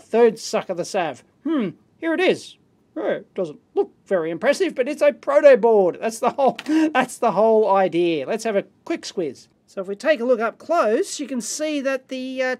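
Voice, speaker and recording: An Australian man hosting a casual unboxing and teardown, chatty and excitable, full of slang and quick asides. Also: very high-pitched. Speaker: host.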